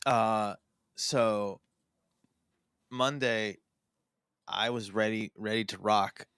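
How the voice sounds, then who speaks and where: A man's voice: lowish voice, steady tone, extremely slow, fairly bright tone, clear, resonant tone, no room sound, clean studio sound. A man co-hosting a casual live-stream show, rambling through his story with many fillers. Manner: rambling, lots of fillers and restarts. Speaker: co-host.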